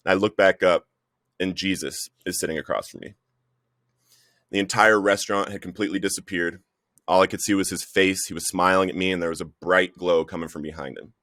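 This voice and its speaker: Podcast guest, male, low-pitched voice, earnest storyteller, dry close sound. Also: fast talker, dry recording. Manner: earnest storytelling, says "bro" often. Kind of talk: personal recovery story.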